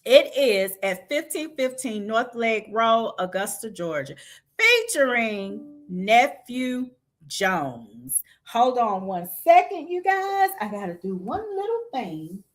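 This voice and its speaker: A woman's voice: a little high, slow. A woman hosting a casual livestream, chatty and hyping up events for her audience. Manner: lively, hype, chatty with the audience. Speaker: livestream show host. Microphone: video call style stream mic.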